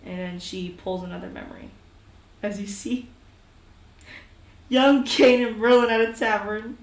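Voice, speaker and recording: A woman's voice: medium pitch, steady tone, measured pace. A woman narrating as game master of a tabletop game, giggling often and rambling with fillers. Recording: echoey room with faint ambience.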